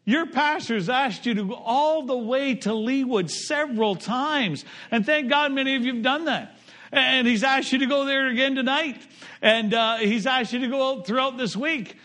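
Brief: middle-aged male pastor, high clear voice, dynamic pulpit delivery. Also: moderate pace. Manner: preachy, swings between loud raised lines and low quiet ones. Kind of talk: sermon.

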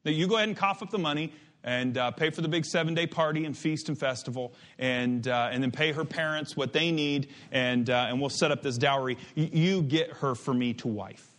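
A man's voice: a little high, a little fast, fairly bright tone, pitched below the performer's own voice, close to an everyday voice. A man voicing a young man who bluntly insists that his father pay the dowry and arrange his marriage. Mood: demanding.

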